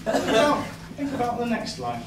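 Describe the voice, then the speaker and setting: A young man performing a stand-up comedy set, hesitant and deadpan, with lots of uhs and ums. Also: extremely high pitch, normal speed, heavy background noise. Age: young adult. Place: comedy club stage. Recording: echoey live venue, distant mic, loud crowd laughter. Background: audience laughter.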